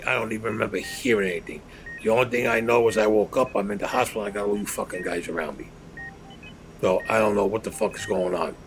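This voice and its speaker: Profane low-voiced man. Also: a bit bright, slight background noise. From New York. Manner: blunt, profane, acts out dialogue. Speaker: former mobster interviewee. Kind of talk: storytelling interview.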